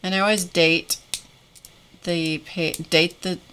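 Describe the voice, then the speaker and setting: A woman's voice: lowish voice, fairly even intonation, slow pace, fairly bright tone, a little hiss or hum. A woman hosting a live craft stream, chatting casually with viewers and often restarting her sentences. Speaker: craft livestream host.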